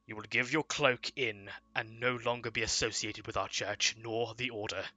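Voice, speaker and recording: A man's voice: mid-range voice, fairly even intonation, moderate pace, pushed and bright. A man voicing a stern older male town warden handing down formal judgments in a tabletop game. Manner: formal, solemn pronouncements.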